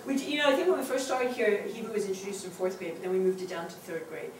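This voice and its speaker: A woman's voice: medium pitch, animated, quick pace, crowd noise. A woman teaching a Hebrew reading class, upbeat and laughing often. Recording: echoey classroom from far off. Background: class of adult learners.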